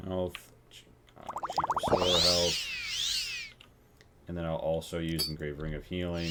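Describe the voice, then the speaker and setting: A man's voice: low-pitched, wildly swooping pitch, unhurried, long pauses, very noisy. A man casually commenting while he plays a role-playing game live, joking and swearing, with mock-formal asides. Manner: jokey, swears, slips into mock-formal lines.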